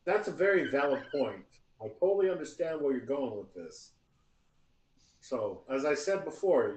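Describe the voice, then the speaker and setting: A man's voice: medium pitch, expressive, moderate pace. Man running a tabletop game, roomy echo. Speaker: dungeon master.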